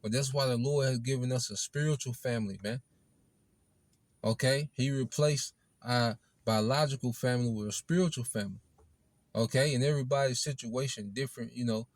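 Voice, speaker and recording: A man preaching an informal sermon in a blunt, rough-edged way, often tagging his lines with "man" and "okay". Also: mid-range voice, fairly quick, dry recording. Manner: rough-edged, swears casually.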